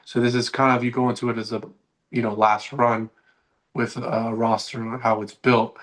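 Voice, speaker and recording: Young man, mid-pitched voice, rambling, halting restarts, podcast co-host. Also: flat delivery, a bit bright. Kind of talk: casual sports talk.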